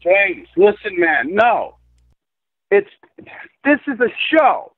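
High, lively man ranting on a phone line. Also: slow. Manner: profane, insistent, lecturing. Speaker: guest. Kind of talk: conspiracy rant in a call-in interview. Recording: tinny phone-line audio.

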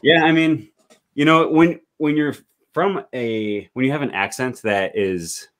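A man hosting a casual chat, relaxed and curious, with many fillers. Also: medium pitch, unhurried. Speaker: host. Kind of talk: casual video call chat.

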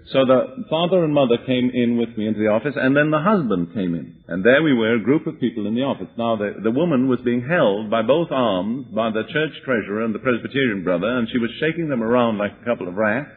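A man's voice: medium pitch, expressive, fairly quick, few pauses, slightly rough. A man preaching, giving a vivid personal testimony with dry humor. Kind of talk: sermon testimony. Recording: tinny lo-fi tape recording.

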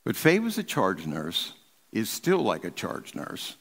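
An older man, a pastor preaching an emphatic sermon from the pulpit, swinging between raised and hushed delivery. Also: lowish voice, wildly swooping pitch, measured pace, in a large hall. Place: large church sanctuary.

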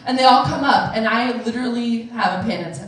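A woman in her twenties telling a true personal story on stage, animated and laughing, acting out the voices of the people in it. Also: on the high side, brisk. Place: event room, audience. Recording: very echoey room, voice from a distance.

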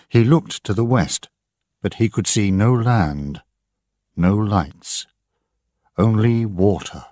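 Slow, low-voiced male audiobook narrator. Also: mellow, dry recording, clean studio sound. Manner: slow, deliberate, clearly enunciated. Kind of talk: audiobook narration for English learners.

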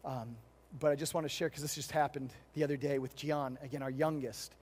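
A middle-aged man preaching a sermon as a pastor, telling stories and swinging between loud, emphatic stretches and hushed, tender ones. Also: mid-range voice, fairly even intonation, brisk, slightly rough. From United States.

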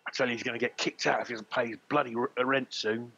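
A man voicing a foul-mouthed, grumbling tavern barman in a tabletop game, with a husky voice and dull lo-fi audio. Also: mid-range voice, fairly even intonation, fast talker, bright, forceful tone, heavily acted. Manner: sweary, grumbling.

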